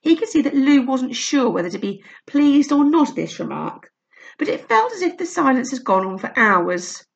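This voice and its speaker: A woman reading a children's novel aloud, with a lively, expressive delivery. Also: high-pitched, moderate pace, creaky, dull audio. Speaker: storyteller.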